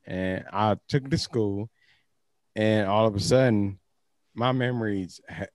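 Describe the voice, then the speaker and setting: A man's voice: lowish voice, unhurried, no echo. A man in casual podcast chat, telling profane stories animatedly and acting out what people said. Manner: animated, profane storytelling, acts out quotes. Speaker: podcast co-host.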